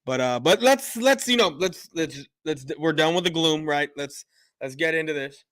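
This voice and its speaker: A man's voice: a little high, animated, normal speed, fairly bright tone, no echo, clean studio sound. Rambling casual livestream host, a man. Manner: rambling, many fillers and restarts, reads out and greets chat viewers; openly emotional, a little choked up.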